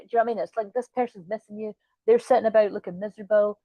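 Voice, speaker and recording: A woman's voice: medium pitch, very fast, no room sound, muffled recording. A woman doing a casual, rambling tarot reading and swearing now and then. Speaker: tarot reader.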